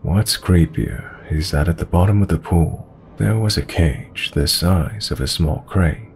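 Male horror narrator with a low, gravelly voice and a calm, measured read. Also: slight background noise. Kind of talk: scripted horror story narration.

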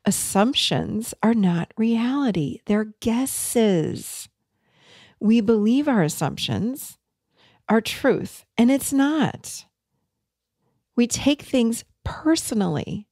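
A woman's voice: fairly high pitch, animated, very slow, long pauses, darkish tone, no echo, clean studio sound. A woman hosting a podcast, talking to listeners in an earnest, conversational way about personal growth. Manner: earnest, conversational, acts out remembered dialogue. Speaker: podcast host. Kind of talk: casual teaching monologue.

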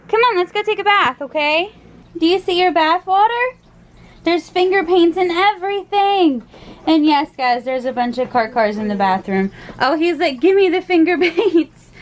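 Woman, mom, high voice, slow relaxed pace, casual home vlog, playful baby talk, laughs a lot. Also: slight background noise. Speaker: vlogger mom.

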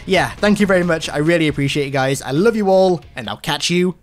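Excitable high-voiced young man. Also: a little fast, soft background music. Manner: excitable, chatty, frequent "like" fillers. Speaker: gaming news YouTuber. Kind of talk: casual video commentary.

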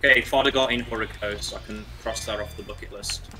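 A man's voice: lowish voice, fairly even intonation, fast talker, pushed and bright, soft background music. A man chatting casually while racing through a speedrun, talking through his moves with self-mocking asides. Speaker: speedrun racer.

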